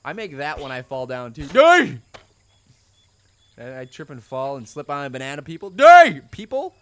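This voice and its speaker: Goofy gamer guy with a lively, yelling voice. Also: medium pitch, moderate pace. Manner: goofy, rambling, bursts into loud yells. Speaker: gaming channel host. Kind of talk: let's play commentary. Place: home room.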